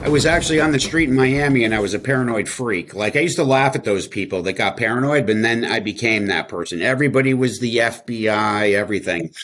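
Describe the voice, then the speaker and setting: A man's voice: medium pitch, quick pace, hardly any pauses, fairly bright tone, slight background noise. A man from New Jersey, an interview guest telling his story in casual, rambling speech, full of fillers and acted quotes.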